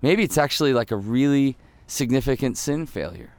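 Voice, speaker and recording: A man preaching a sermon in an earnest voice that drops soft and low, then rises with emphasis. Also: animated, moderate pace, no echo. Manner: earnest, swings between soft intimate lows and rising emphatic peaks. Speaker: pastor.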